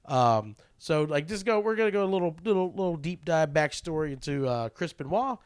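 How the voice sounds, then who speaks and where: A young man co-hosting a casual podcast chat in a slightly higher voice. He rambles and restarts his sentences, with lots of fillers, laughs and swearing. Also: lively intonation, brisk, clear, resonant tone. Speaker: podcast co-host.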